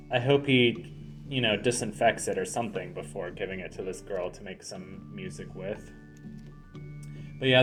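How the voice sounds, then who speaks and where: Rambling, jokey man with a low voice. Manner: rambling, self-deprecating, jokey asides. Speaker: let's play commentator. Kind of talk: casual game commentary.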